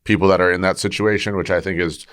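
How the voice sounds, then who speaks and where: A man with a low, fairly bright voice hosts a conversational podcast interview, talking fast with fairly even intonation. With a martial arts background, he thinks aloud while asking questions and restarts often.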